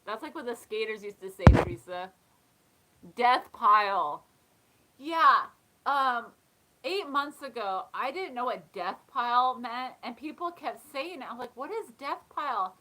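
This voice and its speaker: A woman's voice: a little high, expressive, a little slow, sharp tone, rough recording. A woman hosting a casual live chat, talking in a chatty way, often laughing and reading comments aloud. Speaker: live stream host.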